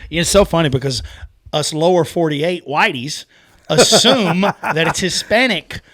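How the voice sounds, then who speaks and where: Upbeat man with a higher voice. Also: measured pace, fairly bright tone. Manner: enthusiastic, laughs while talking. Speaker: host. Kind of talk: casual chat.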